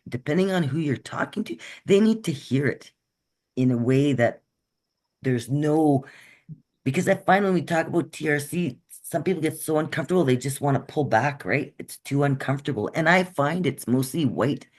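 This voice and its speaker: A woman's voice: a bass voice, darkish tone. Woman talking on a video call, earnest and chatty, keeps asking "right?". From Canada. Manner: earnest, checks in often with "right?". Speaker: guest speaker. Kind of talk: conversational workshop talk.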